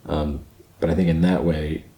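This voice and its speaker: A man's voice: extremely low pitch, flat delivery, moderate pace, mellow, reverberant, low-quality recording. A man hosting a reaction video, thinking aloud with fillers and repeating words as he tries saying them. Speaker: channel host reacting to a video. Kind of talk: casual reaction commentary.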